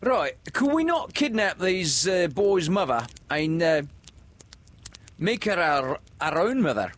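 Man doing dopey eager pirate guy, high voice, stumbles over his words. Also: huge pitch swings, moderate pace, creaky, a bit bright, husky, heavily acted. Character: simple-minded eager male pirate.

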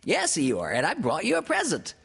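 A man voicing a small, timid, excitable young male piglet in a storybook reading, with a high, eager, loud squeaky voice. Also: normal speed, creaky, husky, long reverb tail, full character voice.

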